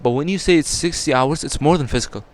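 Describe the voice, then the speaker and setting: A man's voice: a little high, fast talker. A young man answering as a podcast guest in casual talk, explaining earnestly and building emphasis.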